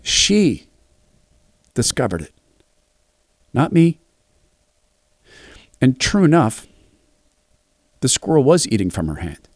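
A middle-aged man preaching a devotional talk, telling lively family anecdotes and acting out the voices. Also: mid-range voice, takes it slowly, long pauses, no echo, studio quality. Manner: animated, acts out voices in anecdotes.

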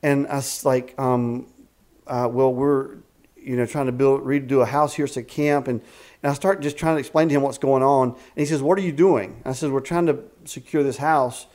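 A man in his fifties, executive director of a ministry camp, telling stories in an animated way in a casual interview. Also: medium pitch, normal speed. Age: 50s. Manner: animated storyteller with frequent restarts and faith talk. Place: a house at a rural camp.

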